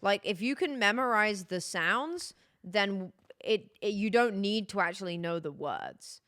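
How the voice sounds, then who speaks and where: A woman's voice: medium pitch, lively intonation, measured pace, fairly bright tone, no room sound, studio quality. A young British woman streaming a game, chatting casually in a rambling, self-correcting way. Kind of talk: casual chat while gaming.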